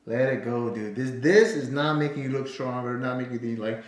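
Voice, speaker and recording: A man's voice: medium pitch, a little fast. A man co-hosting a podcast, mocking a clip in casual, profane talk. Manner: mocking, laughing, swears a lot. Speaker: podcast co-host reacting to a clip. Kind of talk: casual profane reaction chat. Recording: roomy echo, faint noise.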